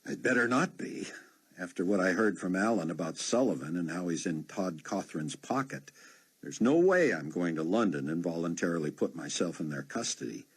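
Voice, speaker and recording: A man's voice: deep voice, lively intonation, moderate pace, slightly rough, full character voice. A man voicing a worried, defensive young man questioning his situation.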